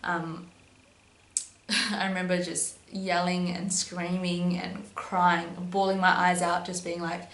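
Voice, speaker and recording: This young female vlogger talks about her own experience casually, leaning on "um" and "but yeah" a lot. Her voice sits on the low side, stays level, moves a little slowly, and sounds slightly bright; the room echoes and hums faintly.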